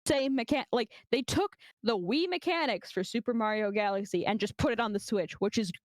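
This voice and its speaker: A woman's voice: on the high side, brisk. A young adult woman chatting as a podcast guest, blunt and profane, laughing often. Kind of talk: casual chat.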